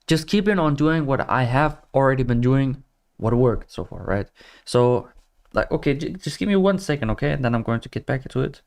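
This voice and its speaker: Speaking briskly in a mid-range voice with lively intonation, the host of a trading livestream reads viewer comments and chats casually. He peppers his talk with "like" and addresses viewers as brother.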